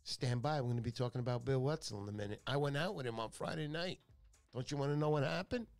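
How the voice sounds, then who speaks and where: Man, talk-show host, gravelly, chatty, joking, faint music behind. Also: medium pitch, quick pace. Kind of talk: casual talk-show storytelling.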